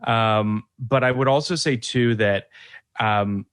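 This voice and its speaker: A man's voice: medium pitch, takes it slowly, a bit bright, clean tone. Man, podcast host, casual film talk, chatty, laughs along.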